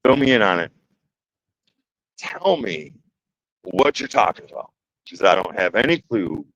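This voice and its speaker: A deep, fairly bright, very animated voice at a measured pace belongs to a Detroit-area man running a casual woodworking livestream. Chatty and joking, he reads chat comments aloud and makes nervous exclamations. There's no echo, but the audio is dull.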